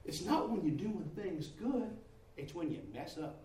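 Middle-aged preacher, high and animated, telling a folksy story; echoey room, a bit off-mic. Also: male voice, unhurried, far from the mic. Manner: folksy, animated storytelling, rising to loud exclamations. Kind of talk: storytelling sermon.

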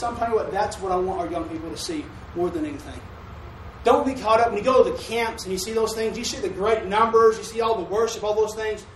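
A man's voice: sits high, a little hiss or hum. A man preaching a folksy sermon with call-and-response, recorded in a church sanctuary from a distant mic. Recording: echoey room from a distant mic.

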